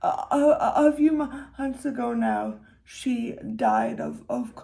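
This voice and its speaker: A young woman giving a casual commentary monologue, unhurried and hesitant, with sarcastic asides and frequent restarts. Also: fairly high pitch, huge pitch swings, vocal fry, dark tone. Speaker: commentary creator.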